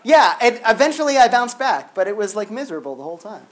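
A university philosophy lecturer speaks with an extremely high pitch and a quick pace, and there's a slight hiss or hum on the recording. He teaches in a chatty, animated manner full of "like."

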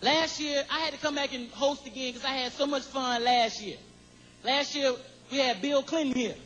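A man doing stand-up comedy as host of a live show, riffing in a high, animated voice. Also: moderate pace. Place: stage before a live audience. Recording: loud crowd and noise, live venue.

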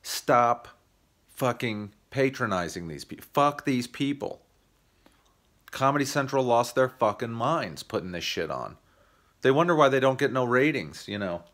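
With big pitch swings around a medium register, a fairly bright tone and a slightly slow delivery, an American YouTube comedian rants combatively and sarcastically, cursing into the camera for his comedy channel.

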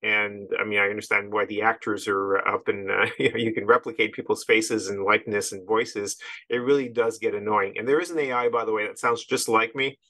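A man's voice: on the low side, fairly even intonation, a little fast, sharp tone, no room sound, poor audio. A middle-aged man from Canada, a podcast guest talking casually in a rambling way with many asides.

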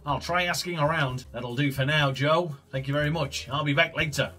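A man's voice: on the high side, fairly even intonation, normal speed, few pauses, pushed and bright, slightly rough. A man commenting on a video game he plays, joking and swearing a lot. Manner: profane, joking, laid-back. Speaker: gaming streamer. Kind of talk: let's play commentary.

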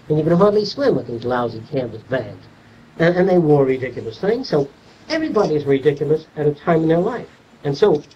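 An older man with a slightly high voice gives an informal lecture, blunt and salty, acting out small dialogues as he tells his stories. The 1970s archive tape sounds distant and muffled, with a little hiss or hum.

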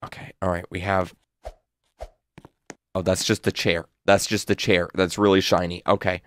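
A man's voice: low voice, level tone, moderate pace, a bit bright. A man playing a horror game and commenting, muttering nervously and repeating himself. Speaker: gaming YouTuber. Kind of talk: let's play commentary.

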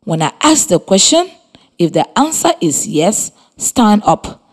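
A woman with a Liberian English accent, teaching a scripted radio lesson for children and spelling words out slowly letter by letter. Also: mid-range voice, sing-song, husky.

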